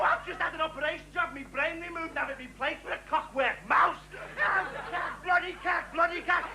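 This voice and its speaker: A man voicing a grumbling loudmouth who rants and shouts a swearing refrain, higher than his own voice. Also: gravelly, noisy background.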